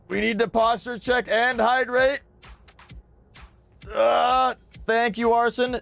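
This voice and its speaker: A man's voice: extremely high pitch, little pitch movement, takes it slowly, gravelly, long pauses, a bit bright. A man hosting a livestream, calling out bids in an auction with rhythmic, repeated phrases and upbeat chatter. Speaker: livestream host running a charity-style auction. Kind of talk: live stream auction calling. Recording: music playing faintly behind. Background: faint background music.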